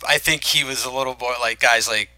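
A man's voice: mid-range voice, fairly even intonation, a little fast, sharp tone, dry recording, poor audio. A man co-hosting a podcast, chatting casually about movies and rambling with many restarts. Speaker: podcast co-host. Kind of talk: casual film-talk chat.

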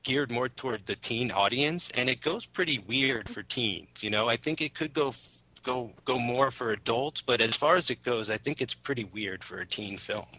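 A man's voice: medium pitch, expressive, normal speed, few pauses, sharp tone, rough recording. A man co-hosting a casual film discussion podcast, explaining points at length in a chatty way. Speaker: podcast co-host.

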